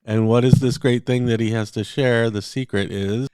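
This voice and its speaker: A man's voice: medium pitch, steady tone, normal speed, dark tone, smooth, no echo. Chatty podcast man, dry close sound. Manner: chatty, reads passages aloud, frequent fillers and restarts. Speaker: podcast co-host. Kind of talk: casual chat.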